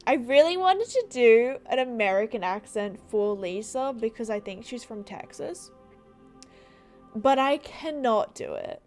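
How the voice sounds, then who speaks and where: A young woman hosting a let's play, commenting excitably with gasps and exclamations. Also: a little high, a little slow, faint music behind. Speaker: gaming channel host.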